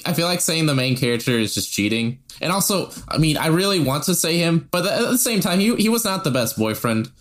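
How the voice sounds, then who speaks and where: Podcast dude rambling about a movie, lots of ums. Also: male voice, fairly high pitch, big pitch swings, fairly quick, hardly any pauses, a bit bright. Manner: rambling, hesitant, with many fillers. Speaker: podcast co-host. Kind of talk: casual podcast film discussion.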